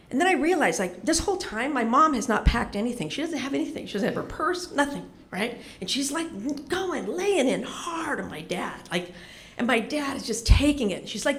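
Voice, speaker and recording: Animated woman telling a funny story. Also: on the high side, moderate pace. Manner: animated, lively, swears casually. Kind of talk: comedic personal storytelling.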